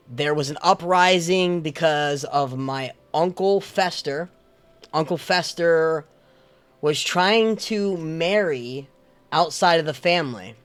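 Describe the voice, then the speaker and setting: High-voiced man rambling in character. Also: a bit bright, smooth. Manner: rambling, mock-grand pronouncements. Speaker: tabletop game player. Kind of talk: in-character roleplay.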